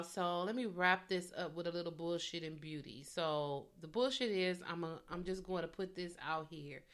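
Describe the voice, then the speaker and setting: A woman comedian hosting a solo podcast, chatting bluntly and with profanity as she retells gossip and acts out the people in it. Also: on the low side. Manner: animated, dishes gossip with acted-out quotes.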